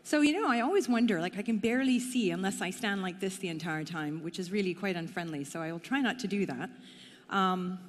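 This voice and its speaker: A woman's voice: medium pitch, a little fast. A middle-aged woman from Canada giving a conference talk in a chatty, playful, self-deprecating way. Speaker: conference speaker. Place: conference hall. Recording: long hall reverb.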